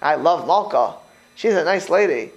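Speaking at a normal pace in a husky, somewhat high voice, this rabbi leads a casual Torah lecture. He talks straight to his audience with animation, asks rhetorical questions, and frequently restarts with repeated words, all on a rough recording.

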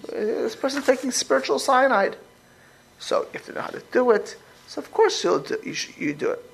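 A man's voice: very high voice, sing-song, normal speed, creaky, a bit bright, low-quality recording. A man teaching a religious class as a rabbi, talking informally, repeating words and acting out quoted speech as he questions his listeners.

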